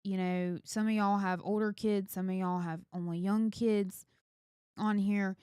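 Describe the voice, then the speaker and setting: A woman's voice: medium pitch, fairly even intonation, unhurried, mellow, smooth, no echo, clean studio sound. A woman, earnestly giving parenting advice on a casual podcast. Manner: earnest, advice-giving, speaks directly to listeners. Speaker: podcast co-host.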